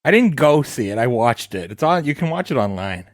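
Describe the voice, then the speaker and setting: Man, lively pitch, dry close sound, short deadpan replies, podcast co-host. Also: brisk, no room sound. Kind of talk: casual chat.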